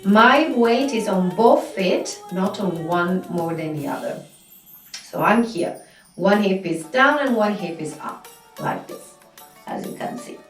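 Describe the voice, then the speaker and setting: Slow patient woman teaching belly dance. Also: mid-range voice, expressive. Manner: slow, patient step-by-step instruction with counting. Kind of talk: instructional dance lesson. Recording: echoey room, mic at a distance, music behind. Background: music.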